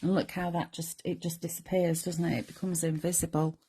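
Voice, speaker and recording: A woman in middle age leads a relaxed crafting demonstration, explaining each step as she works. Her voice sits a little low and sounds soft and mellow. She chats along with viewers in an easygoing, conversational way. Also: brisk, breathy edge. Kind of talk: chatty live crafting demonstration.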